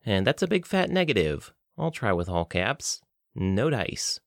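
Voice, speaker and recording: A man's voice: on the low side, sing-song, a little slow, vocal fry, a bit bright, dry recording, clean studio sound, heavily acted. A man voicing a tough young woman fighter who speaks sardonically and bossily. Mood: sardonic. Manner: sardonic, bossy.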